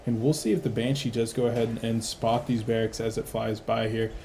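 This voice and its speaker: A man's voice: mid-range voice, slight background noise. Tired man calling a game live. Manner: rapid play-by-play, excitable bursts. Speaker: play-by-play esports caster.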